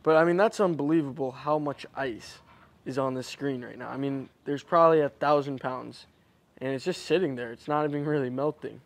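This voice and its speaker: A man's voice: mid-range voice, fairly quick. A man from Florida filming outdoors after a storm, talking straight to his viewers in an amazed, exclaiming way. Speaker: vlogger. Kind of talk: on-location vlog commentary. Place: outdoors at home and around town after a storm.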